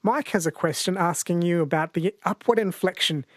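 A man hosting a radio talk show, putting questions to a guest in a relaxed, conversational way. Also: sits high, normal speed, no room sound, studio quality. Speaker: radio host.

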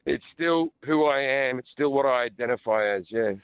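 A man's voice: medium pitch, smooth, no room sound. Chatty Australian man on a tinny phone line. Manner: chatty and joking, with quick restarts. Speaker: comedian guest. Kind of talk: casual radio interview.

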